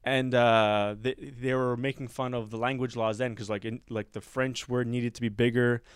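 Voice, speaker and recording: A man's voice: mid-range voice, little pitch movement, moderate pace, smooth, no echo, clean studio sound. A man co-hosting a podcast in casual chat, rambling with frequent laughs, restarts and fillers. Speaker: podcast co-host.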